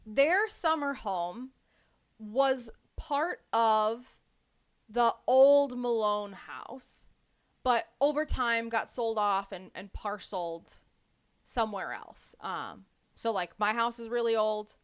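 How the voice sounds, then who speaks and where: A woman's voice: fairly high pitch, slow, clear, resonant tone. Chatty woman recapping a book. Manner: animated retelling with lots of "like" and "um". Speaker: podcast host. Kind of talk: casual book club chat.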